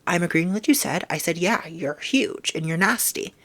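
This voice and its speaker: Young woman, slightly low voice, blunt sarcastic vlog rant with whispered asides. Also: animated, normal speed, a bit bright. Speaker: vlogger. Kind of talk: casual opinion rant.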